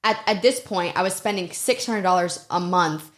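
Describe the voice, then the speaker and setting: A young woman talks through her own stories as a podcast guest. She tells them in an animated, self-deprecating way, in easy casual chat. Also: fairly low pitch, normal speed. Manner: animated storyteller, self-deprecating, says "literally" a lot.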